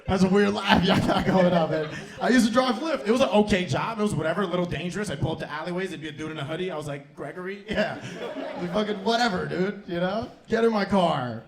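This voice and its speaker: A young man with a fairly high voice works a comedy club crowd through a handheld stage mic. His set is loose and profane, and he keeps laughing at his own lines. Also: quick pace. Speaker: stand-up comedian and host.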